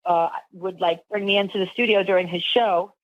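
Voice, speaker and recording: Woman radio host as podcast guest; rambling, filler-heavy storyteller; flat-sounding, dull recording. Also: mid-range voice, a little fast, no room sound. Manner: rambling, lots of fillers and restarts. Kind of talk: casual interview storytelling.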